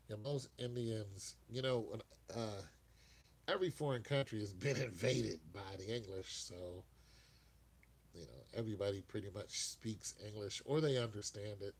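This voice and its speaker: A man's voice: fairly low pitch, moderate pace, husky. A man hosting a casual live-stream chat, telling rambling stories and laughing often.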